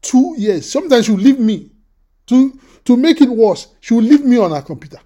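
High-voiced man preaching a sermon. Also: moderate pace. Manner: animated, repeats words, acts out quoted voices. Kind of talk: sermon with personal storytelling.

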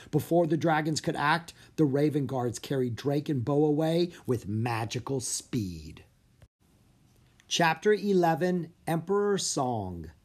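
Expressive, husky children's book reader. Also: mid-range voice. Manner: expressive, animated storytelling. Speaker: audiobook reader. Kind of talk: children's audiobook narration.

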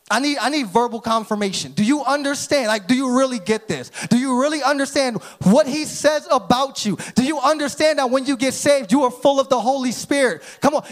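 A pastor in his thirties preaches with fervor, his voice sitting unusually high for a man. He calls out to the congregation and climbs into shouts at his peaks. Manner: energetic preaching, rising to shouts. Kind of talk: sermon.

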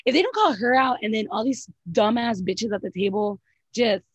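A woman's voice: fairly high pitch, expressive, moderate pace, breathy edge, no echo, dull audio. A woman co-hosting a casual recap of a reality show, blunt and profane, filling her talk with "like" and "literally". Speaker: podcast co-host.

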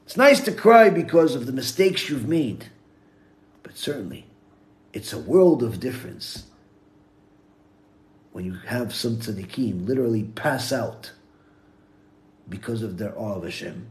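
A man, a rabbi, giving a Torah lecture in English sprinkled with Hebrew terms, telling stories with big swings from hushed to loud. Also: medium pitch, sing-song, unhurried, long pauses.

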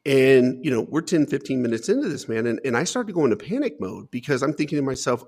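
Gravelly-voiced man telling his story. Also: medium pitch, sing-song, brisk, few pauses. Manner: earnest, repeats words, says "man" often. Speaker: interview guest. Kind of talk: emotional personal storytelling.

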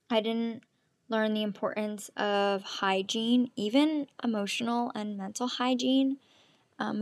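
A woman in her twenties with a fairly high, somewhat bright voice hosts a casual solo podcast chat. Candid and meandering, she leans on frequent "um"s and "like"s, and the audio has no room sound.

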